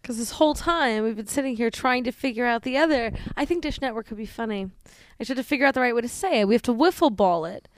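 A woman co-hosting a casual comedy podcast, playful and quick to get defensive. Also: fairly high pitch, a little hiss or hum. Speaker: podcast co-host.

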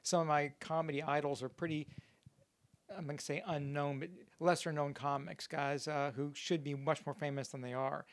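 A middle-aged male comedian chatting casually and retelling old jokes with lively delivery. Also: a little high, moderate pace, no echo. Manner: animated joke-telling with character voices. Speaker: comedian guest telling jokes. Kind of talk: casual podcast conversation.

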